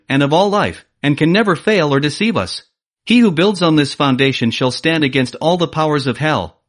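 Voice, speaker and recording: A man giving a measured, emphatic scripted reading of a religious treatise. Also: fairly high pitch. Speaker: reader.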